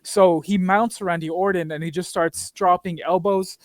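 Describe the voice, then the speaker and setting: A man co-hosting a podcast in casual chat, a relaxed storyteller who uses slang. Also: sits high, moderate pace, dry recording, studio quality. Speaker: podcast co-host.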